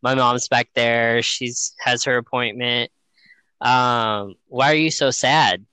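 Bright, clear-voiced man telling a story. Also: medium pitch, slow, dry recording, poor audio. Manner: laughs often, animated retelling with quoted voices. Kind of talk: casual storytelling chat.

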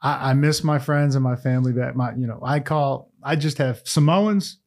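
A man in his forties from Massachusetts, a former football player, telling stories in a relaxed podcast chat, laughing often and swearing casually. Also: mid-range voice, moderate pace.

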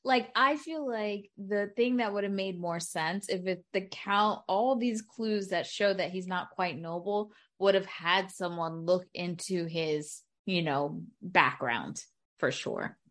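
A woman's voice: on the low side, takes it slowly, a bit bright. A woman co-hosting a podcast in casual chat, ranting with exasperation and plenty of swearing. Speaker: podcast co-host.

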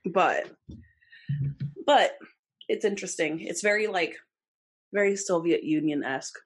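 A woman's voice: on the low side, unhurried. A woman co-hosting a casual podcast, telling a case with lots of fillers, laughs and the odd swear word. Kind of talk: casual chat.

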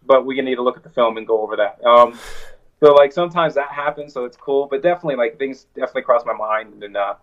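Male wrestler guest, rambling storyteller, mid-pitched voice, dull lo-fi remote line. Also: fast. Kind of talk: casual interview chat.

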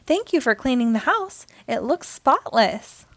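A woman voicing a mother who speaks gently to her family. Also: high-pitched, sing-song, unhurried, no echo, full character voice. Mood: gentle. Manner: exclaiming, then gentle. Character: warm mother hugging her boys.

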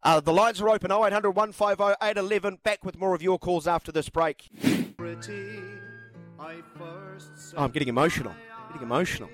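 A man's voice: high voice, steady tone, moderate pace, pauses often, faint music behind. A man hosting talkback sports radio, chatting and reading out listener texts. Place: radio studio.

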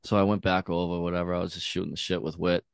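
Deep-voiced man telling a casual story. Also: level tone, rapid-fire, creaky, smooth, dry recording, studio quality. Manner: laid-back, profane, lots of "like" and "dude".

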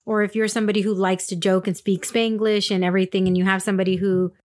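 A woman's voice: mid-range voice, little pitch movement, fast talker, darkish tone. A woman hosting a podcast in a casual chat, asking long, rambling questions. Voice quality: chatty, friendly, asks long rambling questions. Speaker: podcast host.

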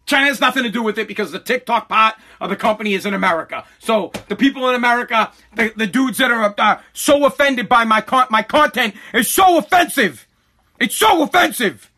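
A man's voice: very high-pitched, fast talker, hardly any pauses, sharp tone. A man who makes online content, ranting angrily to camera, repeating himself and swearing. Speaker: content creator. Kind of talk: angry rant to camera.

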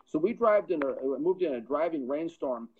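A man's voice: on the high side, lively intonation, moderate pace, a little hiss or hum. A middle-aged man, a podcast guest, earnestly telling a personal testimony and often repeating words as he builds momentum. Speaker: podcast guest, pro football scout. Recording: dull lo-fi sound.

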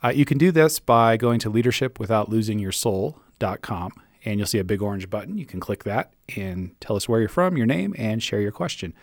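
A man's voice: on the low side, animated, fairly quick, hardly any pauses, no echo, clean studio sound. A man hosting a podcast, answering listener questions on leadership with an encouraging, reassuring manner. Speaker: podcast host and leadership coach.

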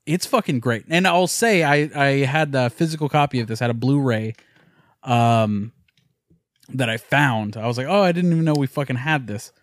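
A man's voice: medium pitch, moderate pace, dry recording. Profane laid-back man on a dry mic. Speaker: podcast co-host. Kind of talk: casual chat.

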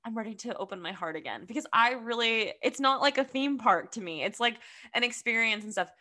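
A young woman co-hosting a podcast, chatty and quick to laugh, with lots of fillers. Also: a little high, animated, sharp tone. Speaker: podcast co-host. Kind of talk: casual chat.

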